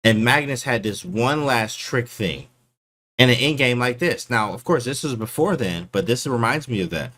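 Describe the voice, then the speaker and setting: A man casually breaking down his chess game for his stream chat, slangy and animated, often calling people bro. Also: medium pitch, moderate pace.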